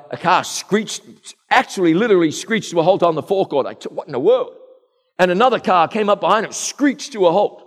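Middle-aged male preacher, earnest rhetorical sermon, slightly high voice, long hall echo. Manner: rhetorical, earnest, direct address.

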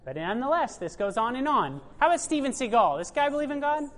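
A woman's voice: sits high, big pitch swings, fast. A woman giving a sermon-style talk to a congregation, emphatic and full of rhetorical questions. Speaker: speaker at a church presentation.

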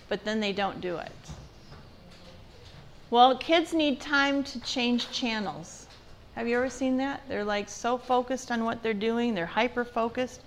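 A woman's voice: fairly high pitch, unhurried, fairly bright tone, slight background noise. A woman giving a church parenting seminar in a conversational way, asking her audience questions. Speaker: parenting class speaker.

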